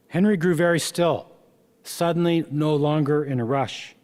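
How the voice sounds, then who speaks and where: A man, the author, reading aloud from his memoir in a slow, measured way with small stumbles. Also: fairly high pitch, clear, resonant tone. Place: event hall. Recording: long reverb from a hall.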